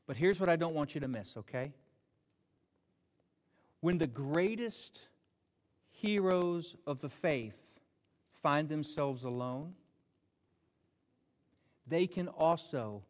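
Male pastor, higher voice, lively storytelling sermon, long reverb of a hall. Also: slow, pauses often. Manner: animated storytelling with jokes and retold dialogue.

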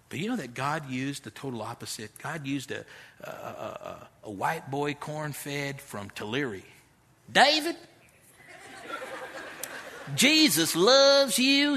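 Husky, bright-voiced pastor preaching. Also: male voice, mid-range voice. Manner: street slang, conversational and direct. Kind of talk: sermon.

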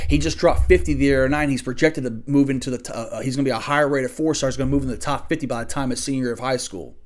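A man hosting his own podcast, ranting angrily and profanely about college sports, swinging from loud outbursts to low muttering, recorded in a small home studio. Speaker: podcast host.

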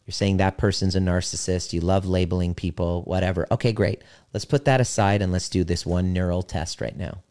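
A man talking as a relationship coach, earnest and blunt, swearing for emphasis and slowing down to stress his key points. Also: deep voice, steady tone, a little mellow. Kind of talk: motivational talk to listeners.

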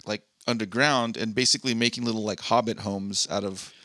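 Brief: male podcast co-host, bright tense tone, dry close sound, loose and profane. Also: fairly low pitch, steady tone, a little fast, dry recording. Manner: reads listener posts aloud, swears freely. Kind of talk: casual chat.

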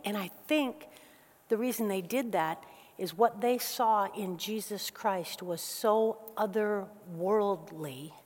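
A woman preaching a sermon to a church gathering, moving between soft, slow passages and loud, quick bursts. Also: mid-range voice. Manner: animated, swings from soft and slow to loud and fast. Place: church hall. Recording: long hall reverb.

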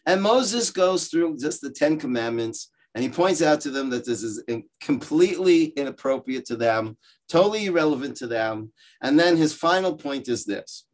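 Storytelling rabbi teaching over video call. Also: male voice, on the high side, normal speed. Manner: lively storytelling, explaining with asides and quoted voices. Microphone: video call microphone.

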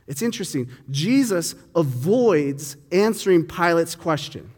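Guy preaching casually, bit higher voice, reverb-y room. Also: lively intonation, normal speed. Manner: conversational, acts out dialogue with voices. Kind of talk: sermon, reading and explaining scripture.

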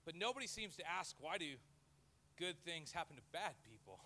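Lively, bright-voiced male pastor preaching. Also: on the high side, normal speed, a little hiss or hum. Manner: lively and jokey, acts out quoted voices. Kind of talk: sermon. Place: church before a live audience.

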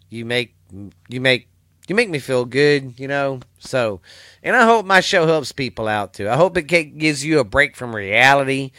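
A man's voice: mid-range voice, fairly bright tone, no room sound. A man with a Texan accent hosting his own podcast from a home studio, talking in a rambling, folksy, profane way. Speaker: podcast host. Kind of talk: casual solo podcast chat. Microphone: studio mic, seen on camera.

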